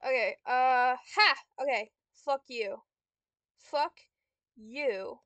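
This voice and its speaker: A woman's voice: sits high, measured pace, no room sound, highs cut off. A young woman giving casual gameplay commentary, swearing and snapping frustrated insults at a computer opponent. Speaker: gamer vlogger.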